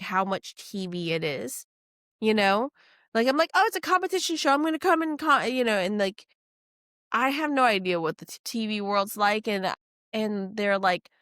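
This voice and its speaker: Animated, storytelling woman from New Orleans. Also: mid-range voice, no room sound, studio quality. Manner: animated storytelling, acts out quotes, swears freely. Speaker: guest chef. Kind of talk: casual podcast chat.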